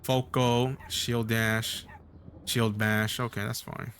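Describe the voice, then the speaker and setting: Bright-voiced man commenting on a game. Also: mid-range voice, level tone, slow pace, a little hiss or hum. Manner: casual, chatty reactions. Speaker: let's play host. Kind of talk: casual gameplay commentary.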